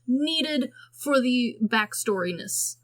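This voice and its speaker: A podcast co-host with a higher-pitched voice takes her time as she casually reviews a movie. She's sarcastic and animated, acting out lines from the film as she goes.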